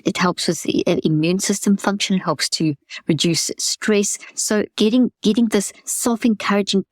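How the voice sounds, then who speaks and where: A woman with a fairly low voice coaches listeners through a self-help method in a webinar talk. She is earnest and gentle and often restarts her words. The sound is close and dry. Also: no room sound. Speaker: podcast host teaching a mental health method.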